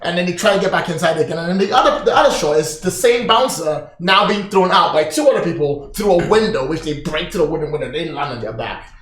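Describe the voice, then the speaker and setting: A man narrating a tabletop game as game master, telling the scene with lively, animated descriptions. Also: on the high side, fast. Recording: roomy echo.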